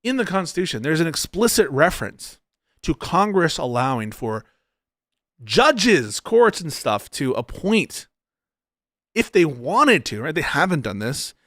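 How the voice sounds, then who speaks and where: A man's voice: a little high, sing-song, a little slow, fairly bright tone, no room sound, clean studio sound. A man giving casual political commentary, arguing emphatically with frequent restarts and tag questions.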